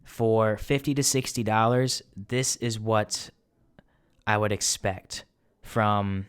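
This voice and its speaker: A man with a low, smooth voice hosts a casual whisky tasting at home. He rambles, fills his talk with fillers and drifts off on tangents. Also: steady tone, slow. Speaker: host. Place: apartment.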